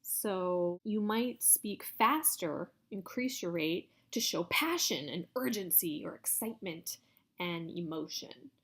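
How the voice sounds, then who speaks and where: A woman instructor explaining public speaking delivery in a recorded video lecture, in a steady teaching tone with some hedging. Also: on the low side, slow pace. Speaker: college instructor.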